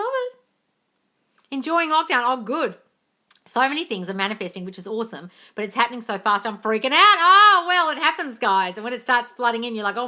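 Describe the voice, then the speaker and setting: A woman's voice: mid-range voice, sharp tone. Blunt, sweary woman coach. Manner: blunt and sweary, calls viewers darling. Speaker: manifestation coach answering live questions. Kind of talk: casual live-stream Q&A.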